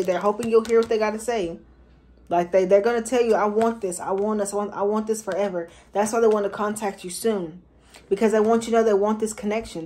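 A woman's voice: medium pitch, dark tone. Woman, tarot reader, casual and slangy, talks straight to her viewers. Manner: chatty, slangy, repeats herself for emphasis.

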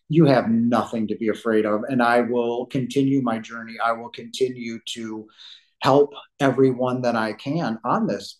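A man's voice: medium pitch, poor audio. A man, a podcast guest, telling his story in an emphatic and blunt conversational way, rambling with frequent restarts. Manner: rambling with many restarts and fillers.

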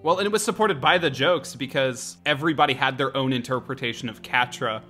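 Man, podcast co-host, bright voice, thoughtful, pauses to find words. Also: medium pitch, soft background music. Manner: thoughtful, searching for words, light laughs. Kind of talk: casual podcast discussion.

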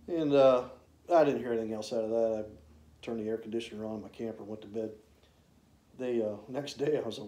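A man with a mellow, warm drawl tells old hunting-camp yarns in a loose, rambling way. His pitch sits in a middle range, and he leans on drawn-out fillers. The recording has a roomy echo around his voice. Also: steady tone. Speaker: hunter reminiscing. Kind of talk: casual storytelling.

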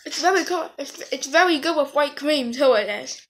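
A woman's voice: sits high, moderate pace, a bit bright, a little hiss or hum. A woman vlogging casually while eating, chatty, talking between bites and correcting herself as she goes.

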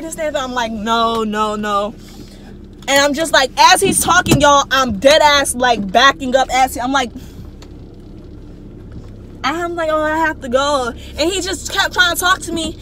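Animated young woman telling a story. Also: high voice, normal speed, noisy background. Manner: animated, slangy, addresses viewers as y'all. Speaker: vlogger. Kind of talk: casual storytime vlog. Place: walking outdoors, then her closet at home.

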